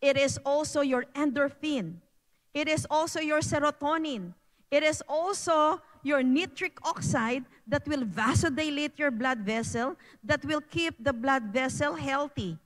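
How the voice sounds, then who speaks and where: At a church prayer meeting, a woman with a Filipino accent and a high voice gives an earnest health talk, speaking slowly and repeating phrases. The audio is poor, with a long reverb tail.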